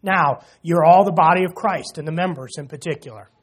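A man's voice: on the high side, brisk, husky. A man preaching a sermon in church, talking casually and joking with the congregation. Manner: conversational, jokes with the congregation, frequent "you know".

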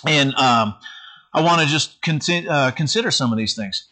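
A man's voice: fairly high pitch, animated, moderate pace, sharp tone. A middle-aged man preaching a conversational sermon to his congregation, often stumbling and repeating words as he goes. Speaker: pastor.

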